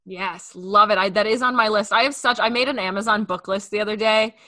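A woman's voice: medium pitch, fairly even intonation, fairly quick, bright, forceful tone, no room sound, clean studio sound. A young adult woman hosting a podcast, chatting casually and filling her talk with "like.". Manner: chatty, heavy use of filler words. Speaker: podcast host.

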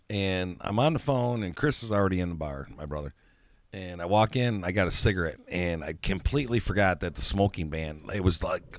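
A man in casual chat, telling a story with lively energy and loud laughs. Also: sits low, no echo. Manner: animated storyteller, laughs loudly. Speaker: co-host.

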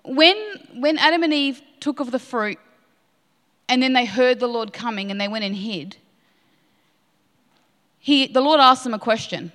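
A woman's voice: a little high, unhurried, pauses often, a bit bright. A woman preaching a sermon with passion, repeating key lines for emphasis. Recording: long hall reverb.

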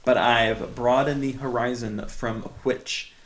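A man's voice: mid-range voice, fairly even intonation, slow, a bit bright. A man hosting a podcast in casual chat, joking around and tripping over long menu names as he runs a quiz game. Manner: jokey, stumbles over long dish names. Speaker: podcast host.

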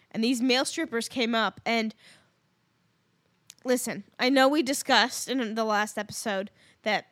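Woman in her 30s, chatty podcast host, high voice, dry close mic. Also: a bit bright, no room sound. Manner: chatty, laughs often, rambling asides. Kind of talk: casual chat, storytelling.

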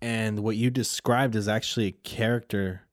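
A man's voice: lowish voice, steady tone, normal speed, dry recording. Laid-back slangy man, dry sound. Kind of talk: casual chat.

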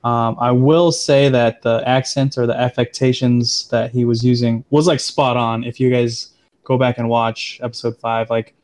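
A man hosting a casual movie review podcast, steering the talk and explaining details in a measured way. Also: mid-range voice. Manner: steers the discussion, even and measured. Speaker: podcast host.

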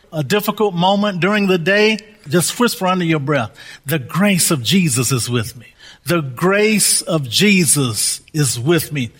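A man's voice: sits high, a bit bright. A male pastor preaching a sermon, repeating key phrases for emphasis and leading the congregation in spoken declarations.

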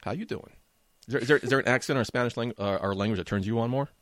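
Brief: middle-aged male podcast co-host, quick lively delivery, dry close sound, teasing. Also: mid-range voice, no echo. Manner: teasing, mock-offended, fast joking. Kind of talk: casual banter.

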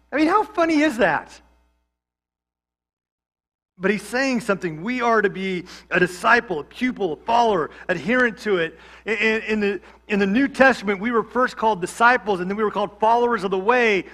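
A man's voice: high voice, pushed and bright. A man, a pastor from Georgia, preaching a sermon in a conversational way with humorous asides. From Georgia, USA.

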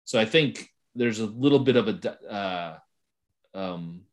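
Low-pitched male co-host, relaxed and halting, often restarting his thoughts. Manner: halting, with many restarts and laughs. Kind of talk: casual conversation about ministry. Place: at home late at night.

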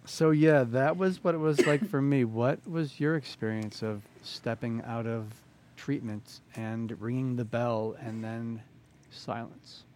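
A man hosts a casual podcast in an ordinary mid-range voice. He speaks softly and reflectively, with a faint hiss of ambience behind him. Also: mid-range voice, unhurried.

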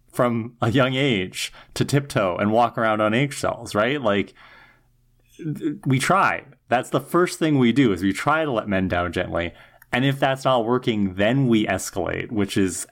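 Give me an earnest podcast co-host with a low voice, opinionated and ranting. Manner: earnest, ranting, with restarts and fillers. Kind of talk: casual chat, opinionated commentary.

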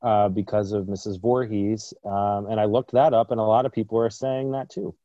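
Dry, deadpan man on a muffled mic. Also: fairly low pitch, moderate pace, no room sound. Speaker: podcast co-host. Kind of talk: casual podcast banter.

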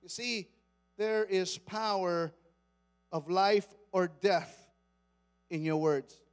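A man with a very high voice preaching a sermon. He moves between soft, conversational stretches and loud, shouted bursts, acting out quoted scripture with dramatic emphasis. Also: slow pace, smooth. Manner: acts out quoted psalm lines with dramatic emphasis. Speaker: pastor.

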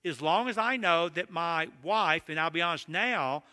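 An older man from Georgia with a Southern accent, preaching a sermon with animated, self-deprecating storytelling. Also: fairly high pitch, normal speed, long reverb tail. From Georgia, USA. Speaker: pastor.

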